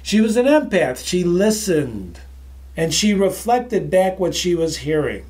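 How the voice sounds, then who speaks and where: Animated, high-pitched man giving a sales talk. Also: a little slow. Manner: emphatic, animated, repeats phrases, addresses the audience as ladies and gentlemen; moves around while talking. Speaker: sales trainer presenting to an online audience. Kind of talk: energetic motivational presentation. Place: his office.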